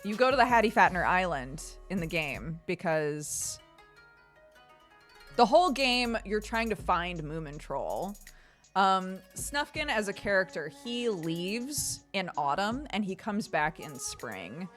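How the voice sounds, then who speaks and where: A woman's voice: lowish voice, unhurried. Chatty, laughing woman streamer. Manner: chatty, laughs often, animated storytelling. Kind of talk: casual chat with stream chat. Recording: faint background music.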